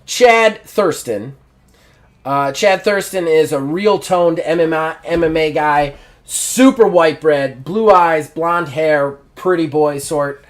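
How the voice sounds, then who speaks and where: A man's voice: on the high side, slow pace. A man casually narrating a solo wrestling role-playing game as its host, describing characters with lots of fillers. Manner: rambling, casual, many fillers. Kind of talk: casual live-play narration.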